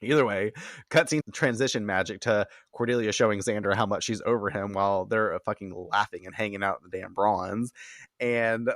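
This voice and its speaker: Low-voiced man recapping a TV episode. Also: a little fast, no echo, clean studio sound. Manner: animated, profane, laughs a lot, acts out characters' lines in high voices. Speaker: TV episode reaction commentator. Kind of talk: casual recap commentary.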